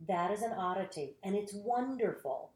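Animated actress telling stories, roomy sound. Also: female voice, mid-range voice, moderate pace. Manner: animated storyteller, acts out quotes. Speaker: actress, interview guest. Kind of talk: casual interview storytelling.

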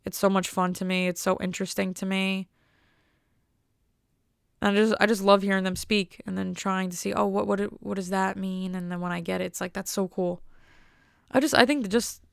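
A young woman from the United States, a vlogger, delivers a casual, rambling and wry monologue. Her smooth, clear voice carries heavy vocal fry, stays fairly flat in pitch, and moves a little fast. The sound is close and dry with no echo.

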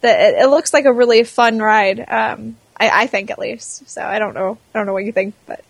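A woman's voice: on the high side, steady tone, fairly quick, creaky, no room sound. Chatty, rambling female co-host. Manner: chatty, rambling with many fillers. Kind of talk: casual live show chat.

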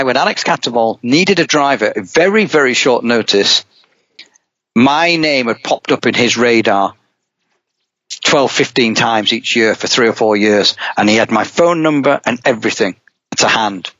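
A middle-aged man, a rally driver, telling a long anecdote in casual talk, lively and rambling, with many restarts. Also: mid-range voice, no echo. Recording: dull, dry podcast audio.

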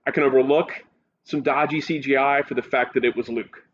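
An eager male co-host in casual chat talks fairly quickly in a mid-range voice, excitedly recounting a show with lots of animation. The audio is slightly muffled, dull, and carries a faint hiss.

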